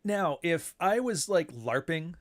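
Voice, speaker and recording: A man's voice: on the high side, animated, slow pace. A man hosting his own show in a casual monologue, blunt and profane, who now and then mocks others in put-on voices. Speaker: show host.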